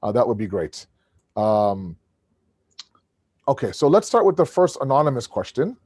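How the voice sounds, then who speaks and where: Booming male lecturer on a video call, animated, dry close sound, frequent restarts. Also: moderate pace, slightly rough, dry recording. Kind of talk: online religious lecture.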